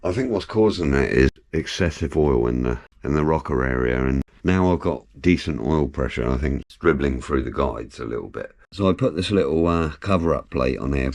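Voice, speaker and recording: Very deep-voiced man, chatty. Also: expressive, moderate pace, few pauses, a little mellow. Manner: chatty, jokey, explains while working. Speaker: car builder vlogger. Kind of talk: casual workshop commentary. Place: home workshop.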